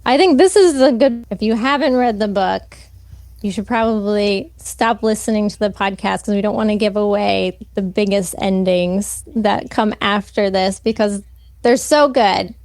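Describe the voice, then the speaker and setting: A woman co-hosting a book podcast, chatting casually and reading passages from the novel aloud at a slower, careful pace. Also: medium pitch, a little mellow, no echo. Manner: reads quotes from the book slowly and deliberately. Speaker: podcast co-host.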